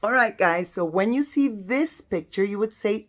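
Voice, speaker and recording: A woman teacher giving a phonics lesson to young children, sounding out letters slowly and clearly with encouraging praise. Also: mid-range voice, expressive.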